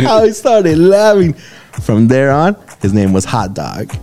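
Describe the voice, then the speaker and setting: A man co-hosting a radio show, telling a funny story in a casual, animated way, laughing often. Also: a little high, takes it slowly, music in the background.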